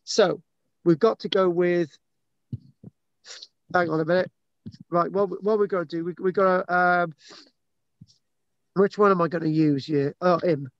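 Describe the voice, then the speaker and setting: Male host, high voice, dry dull lo-fi sound, teasing rambling reader. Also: steady tone, a little slow, pauses often, no room sound. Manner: teasing, rambling, self-mocking. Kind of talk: jokey live chat and reading aloud.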